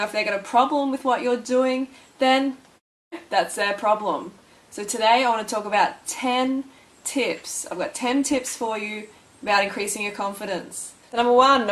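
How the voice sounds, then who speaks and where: A woman's voice: a little high, low-quality recording. A young woman giving blunt, bossy, tough-love advice in a motivational vlog.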